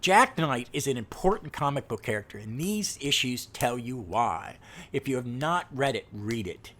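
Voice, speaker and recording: A man's voice: mid-range voice, lively intonation, normal speed, fairly bright tone. A man hosting a comic book review podcast, talking with eager enthusiasm and pleading with listeners. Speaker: podcast host.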